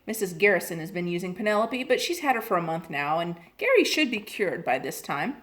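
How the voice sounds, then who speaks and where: A woman voicing a kindly older woman who calmly reassures a worried mother in a storybook reading. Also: fairly low pitch, fairly quick. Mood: reassuring. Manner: reassuring, matter-of-fact.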